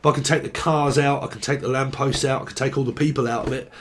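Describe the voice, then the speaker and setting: A man's voice: mid-range voice, steady tone, quick pace. Joking, profane man reading tarot. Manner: joking, rambling and swearing freely. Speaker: tarot reader.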